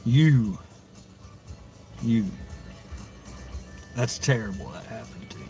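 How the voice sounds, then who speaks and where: A man's voice: fairly high pitch, very animated, takes it slowly, long pauses, soft background music. A man hosting a livestream, reading out viewers' stories and reacting in a rambling, exasperated way, swearing freely. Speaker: livestream host. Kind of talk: casual livestream chat reading comments.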